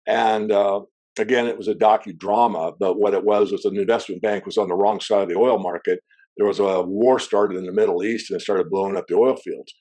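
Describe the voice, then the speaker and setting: A man as an interview guest, a metals analyst, explaining at length in a discursive way with frequent throat clearing. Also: lowish voice, fairly even intonation, brisk, warm tone. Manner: discursive, wanders into asides.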